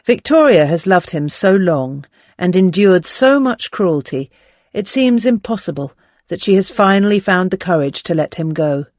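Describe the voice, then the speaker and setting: Audiobook reader, mid pitch, steady delivery, dry close mic. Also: normal speed, dry recording. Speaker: audiobook narrator. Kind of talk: audiobook narration.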